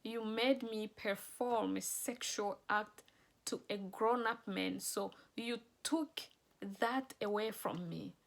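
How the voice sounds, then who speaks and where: A woman's voice: mid-range voice, slow, creaky. A woman author giving an earnest, emotional personal testimony and promoting her books.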